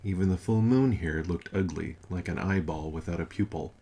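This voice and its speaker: Low-voiced male narrator, dry wry read of a comic novel. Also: normal speed, few pauses, warm tone, breathy edge. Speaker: audiobook narrator.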